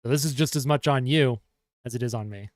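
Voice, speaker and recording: A young man calling hockey play-by-play as a fan on a live stream, getting excited over the action and chatting with his viewers in between. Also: medium pitch, brisk, no room sound, studio quality. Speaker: livestream host and hockey fan commentator.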